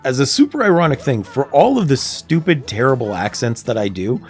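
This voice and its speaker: Canadian male streamer, chatty and laughing, lively pitch, faint music behind. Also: brisk. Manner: chatty, laughs often, animated storytelling. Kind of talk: casual gameplay livestream chat.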